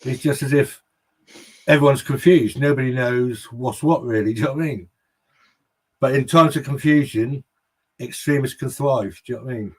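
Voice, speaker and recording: A man co-hosting a podcast, talking in a relaxed, conversational way. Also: mid-range voice, moderate pace. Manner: relaxed, conversational, keeps asking "do you know what I mean". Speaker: podcast co-host. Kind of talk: casual podcast chat.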